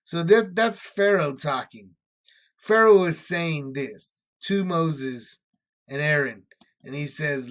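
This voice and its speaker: A man's voice: fairly high pitch, slow pace, fairly bright tone. A man leading a casual Bible study, explaining scripture in everyday words with lots of fillers.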